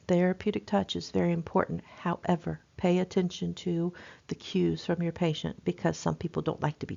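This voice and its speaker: A middle-aged woman nursing instructor lectures in a conversational, emphatic way. Her voice is low and gravelly, and the recording sounds dull and lo-fi. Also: darkish tone. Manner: conversational, emphatic, frequent fillers.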